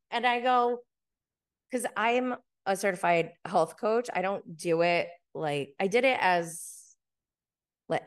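A woman hosting a podcast, telling a story in a casual, chatty way with lots of fillers. She gets animated when she quotes other people. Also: lowish voice. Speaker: podcast host.

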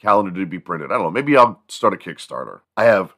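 Male podcast host, very deep voice, rambling, crude and self-deprecating. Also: sing-song, quick pace, bright, forceful tone. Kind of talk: casual solo monologue.

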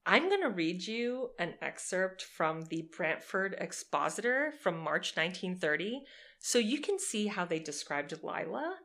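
A young woman co-hosting a podcast, telling a true crime story in a lively, sarcastic way and swearing freely. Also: on the low side, unhurried. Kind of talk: casual storytelling chat.

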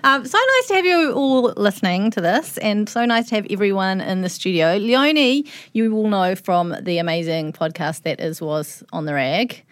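A woman hosting a casual group podcast in a studio full of guests, bubbly and quick to laugh. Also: mid-range voice, expressive, no room sound. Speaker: podcast host.

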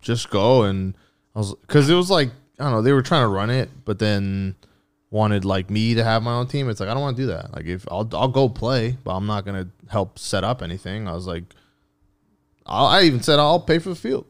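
Low-voiced man bantering on a podcast. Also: animated, brisk. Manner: profane, rambling, jokey. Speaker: podcast host.

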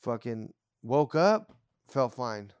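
A man's voice: mid-range voice, sing-song, slow, smooth, no room sound, studio quality. A man in a casual podcast chat, telling a story in a laid-back, profane way.

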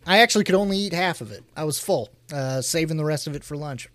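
A man's voice: a little high, quick pace, dry recording. A man with a slightly raised voice is chatting casually and laughing often. He tells stories with a lot of life in them. The recording is dry and close, with almost no room sound. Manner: laughs often, animated storytelling. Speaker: podcast co-host. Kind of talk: casual chat.

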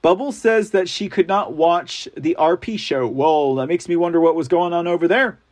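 Chatty, high-voiced male stream host. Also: moderate pace, a little mellow. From Texas. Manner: chatty, reads and answers viewer comments, frequent laughs. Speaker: livestream news show host. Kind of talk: casual live-chat talk.

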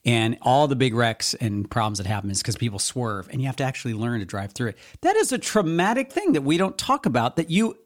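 A man from Eastern Washington co-hosting a podcast, telling stories in animated casual chat and swearing freely. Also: medium pitch, brisk, hardly any pauses. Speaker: podcast co-host.

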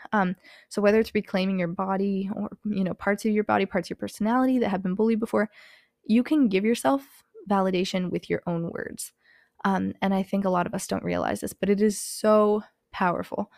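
A woman's voice: mid-range voice, gravelly, darkish tone, dry recording, clean studio sound. A young woman hosting a podcast, talking candidly in casual motivational chat, full of "like" and "um". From Hispanic background, country not said. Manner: candid, frequent fillers, says "like" and "um" often. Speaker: podcast host.

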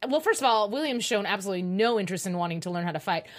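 A woman co-hosting a casual TV recap chat, lively and analytical as she talks. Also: medium pitch. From United States. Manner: lively, analytical, quick to laugh. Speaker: co-host.

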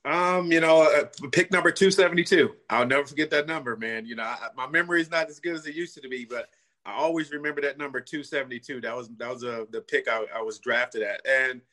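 A man's voice: mid-range voice, fast talker, bright, forceful tone. A middle-aged man from California, a former pro football player, telling his story as a guest in a casual interview, earnest and full of "you know" and "man.".

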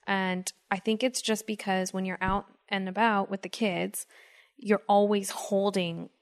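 A woman co-hosts a casual podcast, chatty and full of quick asides. Her mid-pitched voice carries a gravelly vocal fry. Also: flat delivery. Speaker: podcast co-host. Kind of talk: casual chat.

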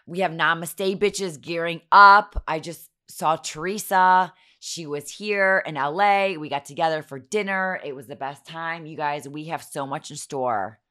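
Hoarse, giggly low-voiced woman. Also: unhurried, few pauses. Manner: giggly, self-mocking, animated. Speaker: podcast host. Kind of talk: casual chatty storytelling.

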